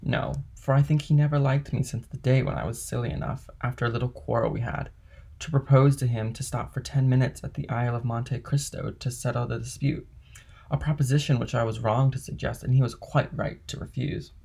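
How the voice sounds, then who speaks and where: A man's voice: medium pitch, fairly even intonation, a little fast, vocal fry, warm tone, slightly rough. A man reading the part of an earnest, devoted young sailor who speaks respectfully to his employer in an audiobook.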